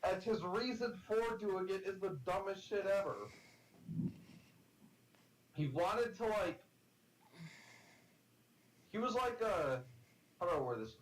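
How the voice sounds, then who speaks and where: A man's voice: high-pitched, takes it slowly, long pauses, rough recording. Rambling man on a game stream. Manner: rambling storyteller, many fillers and restarts, teasing. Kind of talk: casual chat on a game stream.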